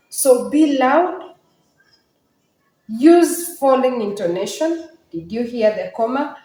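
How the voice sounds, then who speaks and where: A woman's voice: a little high, a little mellow, roomy sound, poor audio. A woman teaching a literature lesson on poetry, speaking emphatically and asking her students questions. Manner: emphatic, questioning, slow and deliberate.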